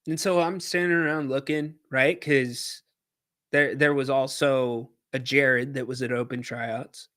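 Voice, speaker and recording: A man hosting a podcast, telling a casual story in an animated way and acting out shouted quotes. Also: mid-range voice, unhurried. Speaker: podcast host.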